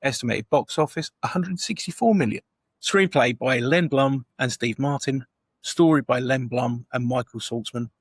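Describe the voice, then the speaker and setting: A man's voice: mid-range voice, normal speed, slightly rough, no echo. A man co-hosting a casual film review podcast, steadily reading out film facts and questions. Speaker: podcast co-host.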